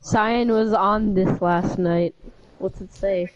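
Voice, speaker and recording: A woman's voice: mid-range voice, fairly even intonation, takes it slowly, crowd noise. A woman playing a video game with a friend, chatting casually and telling rambling stories full of fillers. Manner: rambling storyteller, filler-heavy. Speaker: co-player. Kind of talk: casual gaming chat. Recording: dull lo-fi mic with faint noise.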